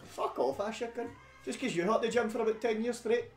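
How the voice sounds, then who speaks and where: A man's voice: very high-pitched, a little fast, a little mellow. A young Scottish man chatting casually as co-host, laddish and sweary, laughing often. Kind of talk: casual chat. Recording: echoey room with music behind.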